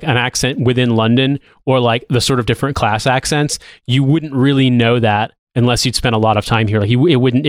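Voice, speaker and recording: A man in his thirties co-hosts a casual podcast, rambling with many restarts and swearing casually. His voice is medium-pitched, with no echo.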